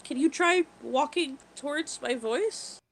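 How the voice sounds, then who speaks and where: A woman's voice: high voice, unhurried, creaky, slight background noise, rough recording. A woman as a player in a tabletop game, speaking with hesitant fillers.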